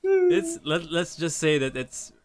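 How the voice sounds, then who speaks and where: Man, casual podcast co-host, lively pitch, noisy crowd behind. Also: takes it slowly. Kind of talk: casual chat.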